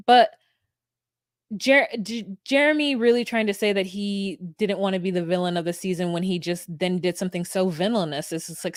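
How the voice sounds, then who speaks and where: Laid-back, low-voiced woman musing. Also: dry recording, clean studio sound. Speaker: podcast co-host. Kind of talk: casual recap chat.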